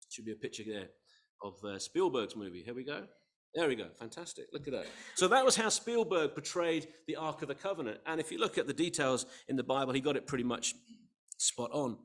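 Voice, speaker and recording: Earnest male preacher, swelling and softening. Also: on the high side. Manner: earnest, rising to emphatic peaks then dropping soft. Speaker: pastor. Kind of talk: sermon.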